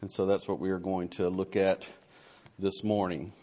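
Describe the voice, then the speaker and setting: A man preaching a sermon as pastor of a church, halting with many fillers and restarts, then building to emphatic fervor. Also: sits low, flat delivery, mellow.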